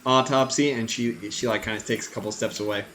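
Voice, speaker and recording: A man narrating as game master of a tabletop role-playing game, relaxed and halting with many fillers. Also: medium pitch, a little hiss or hum.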